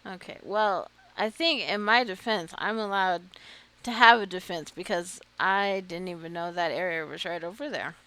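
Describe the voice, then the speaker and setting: A woman's voice: on the low side, normal speed, hardly any pauses, bright, forceful tone, clear, resonant tone. A woman giving casual commentary while playing a video game, muttering to herself and poking fun at herself for getting lost. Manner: self-deprecating, muttering to herself, nervous laughter. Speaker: gaming streamer.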